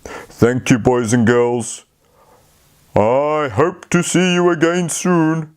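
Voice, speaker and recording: A man telling a fairy tale to children, speaking slowly and talking to them directly. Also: on the high side, clean tone. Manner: slow, lively, talks to the children. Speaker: storyteller. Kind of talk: children's storytelling.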